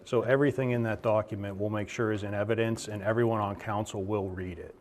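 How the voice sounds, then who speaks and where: A man's voice: on the low side, steady tone, quick pace, a little mellow, a little hiss or hum. A man chairing a council meeting, politely and procedurally telling a speaker his time is up.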